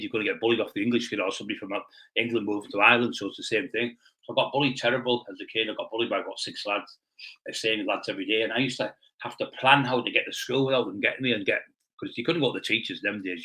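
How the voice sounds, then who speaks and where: A man's voice: lowish voice, bright, forceful tone, rough recording. A middle-aged man from Scotland, a guest telling stories in a blunt, rambling way. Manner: blunt, rambling, quick-talking. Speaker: interview guest. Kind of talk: casual storytelling.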